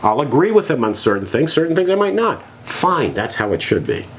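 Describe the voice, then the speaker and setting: A man's voice: fairly high pitch, a little fast, a little hiss or hum. A man co-hosting a podcast, talking in a sarcastic, ranting way in casual chat. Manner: animated, sarcastic, rant-like. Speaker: podcast co-host.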